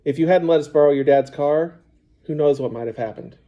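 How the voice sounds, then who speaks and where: A man's voice: on the high side, brisk, lo-fi sound, natural voice. Man reading as an earnest young boy. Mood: friendly. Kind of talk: audiobook character voice.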